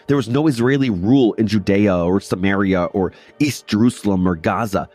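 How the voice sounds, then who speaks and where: A man's voice: lowish voice, normal speed, hardly any pauses, darkish tone, faint music behind. A man hosting a history podcast, narrating a script with casual asides and repeating phrases for emphasis.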